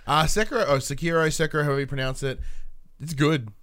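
A man's voice: a little high, quick pace, fairly bright tone. A young man, hosting a casual gaming chat in a rambling, self-deprecating way with casual swearing. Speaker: podcast host.

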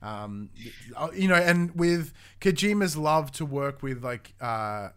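A young man co-hosts a casual gaming news show, his voice sitting a little high for a man. He talks in an animated rush, swears freely and often restarts his sentences. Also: a little slow, smooth. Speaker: podcast co-host.

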